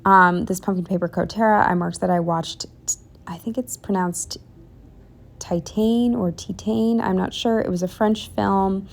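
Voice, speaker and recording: A woman's voice: fairly low pitch, fairly even intonation, moderate pace, creaky. A young woman chatting casually through a planner voiceover, rambling with lots of ums and likes. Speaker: planner vlogger.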